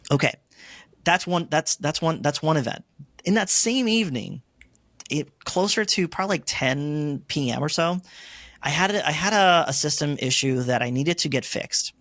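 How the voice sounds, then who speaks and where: Animated storytelling man, slightly high voice. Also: dry recording. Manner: animated storyteller, acts out his own quoted lines. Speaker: interview guest. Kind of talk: storytelling in an interview.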